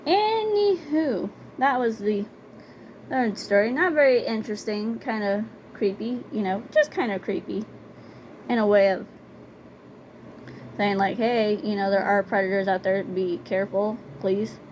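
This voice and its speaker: A woman's voice: mid-range voice, fairly even intonation, a little slow, darkish tone, a little hiss or hum, poor audio. A young woman telling personal stories in a casual vlog, blunt and conversational, repeating words for emphasis. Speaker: storytime vlogger. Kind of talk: casual storytelling.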